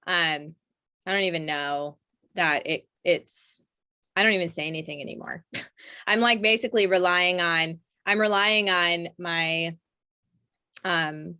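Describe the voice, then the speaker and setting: A woman talking as an interview guest, animated and laughing often, with many restarts. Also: fairly low pitch, unhurried, pauses often, clean tone. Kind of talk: casual conversation.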